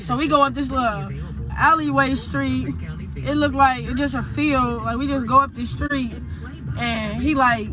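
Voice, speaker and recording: A woman's voice: high voice, steady tone, moderate pace. A young woman from Indianapolis, a guest in an interview, retelling events in a casual, profane way with lots of quoted dialogue. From Indianapolis, USA. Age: young adult. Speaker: guest recounting a kidnapping.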